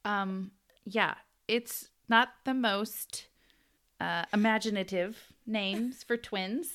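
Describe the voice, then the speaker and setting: A woman's voice: mid-range voice, slow pace, a bit bright, clear, resonant tone. American lady podcast cohost, casual and giggly, telling a story. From United States. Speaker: podcast co-host. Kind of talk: casual chat.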